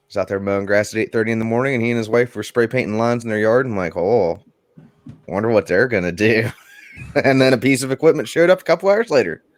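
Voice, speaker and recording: A man co-hosting a casual podcast, deadpan with a dry sense of humor. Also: mid-range voice, quick pace, no room sound. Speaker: podcast co-host. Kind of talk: casual chat.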